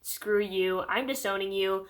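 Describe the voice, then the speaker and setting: A woman's voice: medium pitch, unhurried, close to an everyday voice. A woman voicing a scheming villainous mother in a theatrical, mock-menacing way, while recapping a book for a video.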